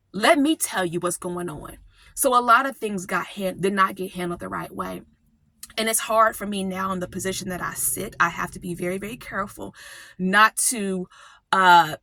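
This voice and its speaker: A middle-aged woman, coaching others and speaking candidly and emotionally in a personal vlog, often pausing. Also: mid-range voice, vocal fry, pushed and bright, no echo. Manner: candid, emotional, with drawn-out pauses. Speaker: support group coach.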